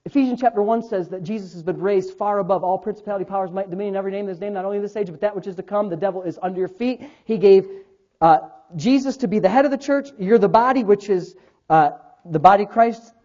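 A man's voice: high-pitched, fast talker, darkish tone. Dull-sounding preaching man. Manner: preaching with rising emphasis and scripture quotes. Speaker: pastor. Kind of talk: sermon.

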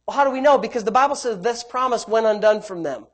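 Talking fast with few pauses, a preacher moves between loud, emphatic bursts and soft, low asides. He stretches key phrases, repeats himself, and keeps calling on the congregation.

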